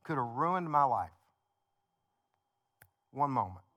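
A man's voice: medium pitch, very animated, takes it slowly, highs cut off. A male pastor preaching a sermon in a conversational, story-telling way, building points with repeated phrases.

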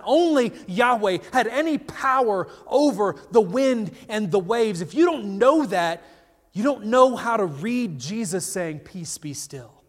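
A man preaching a sermon, telling a story with animated retellings and quoted voices. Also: very high voice. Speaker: pastor. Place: church in Colorado. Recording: long reverb of a large hall.

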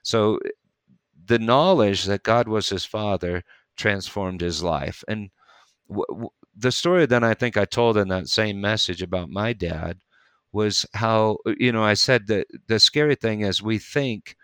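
A preacher with a lowish, smooth, resonant voice tells a story in relaxed conversation. He picks up speed and energy in bursts. The sound is dry and close. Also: dry recording. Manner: animated storyteller, quick bursts.

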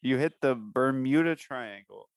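A man hosting a casual comedy chat, crude and teasing, quick to laugh. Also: mid-range voice, animated, vocal fry, no room sound.

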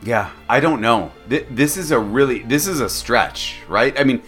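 Male co-host, casual movie chat, opinionated, bright tone. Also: mid-range voice, animated, normal speed, soft background music. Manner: laughing, opinionated, stammers on restarts. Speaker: podcast co-host.

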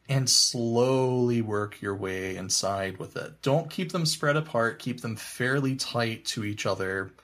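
A man's voice: mid-range voice, a bit bright. A man co-hosting a podcast, giving frank sex advice in a rambling, joking way full of "you know"s and hesitations. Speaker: podcast co-host. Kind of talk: casual frank sex-education chat.

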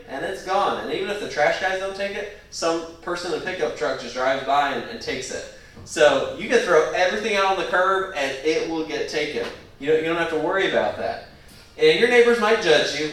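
A man's voice: fairly high pitch, a bit bright. A man preaching a sermon as a pastor, talking in an earnest, conversational way that builds to emphatic moments. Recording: echoey room, mic at a distance.

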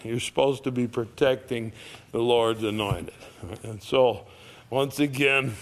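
A man preaching a sermon, reading scripture aloud and retelling the story in lively plain talk. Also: on the high side, clear, resonant tone. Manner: animated storytelling, acting out the characters. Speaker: pastor.

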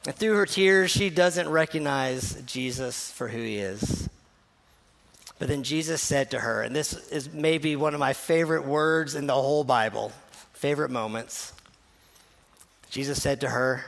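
A man's voice: medium pitch, unhurried, gravelly. A man preaching a sermon as a pastor, retelling a scripture passage in an earnest, conversational way. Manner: conversational, earnest storytelling, drops to a soft hush at key moments.

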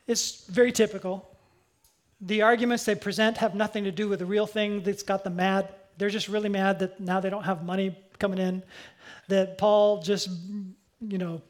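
Conversational pastor preaching a sermon. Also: mid-range voice. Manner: conversational, with asides and self-corrections.

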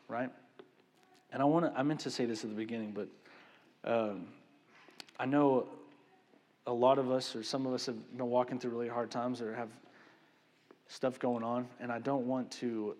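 Conversational preacher in a reverberant hall. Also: male voice, medium pitch, normal speed, pauses often. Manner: conversational, animated preaching with frequent "right?" and "man". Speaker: pastor. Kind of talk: sermon. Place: church sanctuary.

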